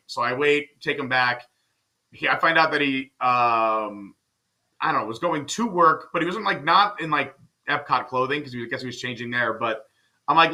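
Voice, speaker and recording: A man guesting on a podcast, telling stories in casual, animated chat. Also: mid-range voice. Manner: fast, animated storyteller.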